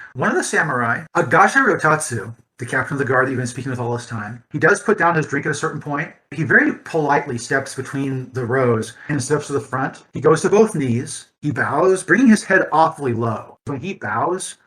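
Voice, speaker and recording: A man running a tabletop role-playing session, his voice bright and a bit forceful. He narrates scenes loosely, circling back with fillers and restarts as he goes. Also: medium pitch, poor audio. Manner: rambling, many fillers and restarts while narrating. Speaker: game master.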